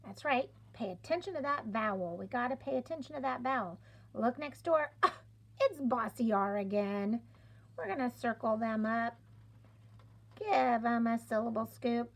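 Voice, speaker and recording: A middle-aged woman teaching a phonics lesson, sounding out letters and stretching words clearly in an encouraging classroom manner. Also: a little high, normal speed. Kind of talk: slow, deliberate classroom instruction.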